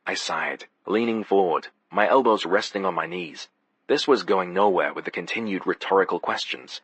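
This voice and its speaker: A man narrates a first-person audiobook with a wry, sardonic touch. His voice sits low with a husky grain, and the recording is dry and close. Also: normal speed, fairly bright tone, no echo.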